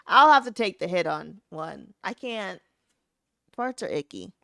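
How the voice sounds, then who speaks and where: A woman's voice: mid-range voice, lively intonation, measured pace, gravelly, pushed and bright, no room sound, clean studio sound. A woman co-hosting a podcast, chatting casually and laughing often. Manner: amused, laughs a lot. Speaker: podcast co-host. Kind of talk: casual chat.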